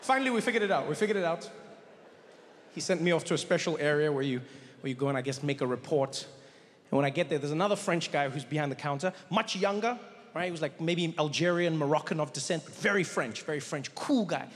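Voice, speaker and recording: A man telling stand-up stories on stage, animated and jumping quickly into character voices. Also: a little high. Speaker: stand-up comedian. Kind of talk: stand-up storytelling. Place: large theater stage. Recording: live in a large hall with faint noise.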